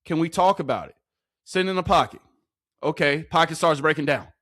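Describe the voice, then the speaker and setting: A man's voice: fairly high pitch, brisk. Hyped young man breaking down football clips. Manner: excitable, slangy, repeats lines, laughs often. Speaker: football reaction commentator. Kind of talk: casual hyped clip breakdown.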